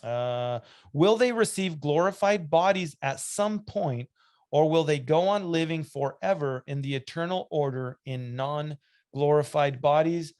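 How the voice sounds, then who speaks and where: A man's voice: on the high side, a little slow, darkish tone. A man hosting a church podcast, reading listener questions aloud and chatting with asides. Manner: conversational, reads aloud with asides and restarts. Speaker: podcast host.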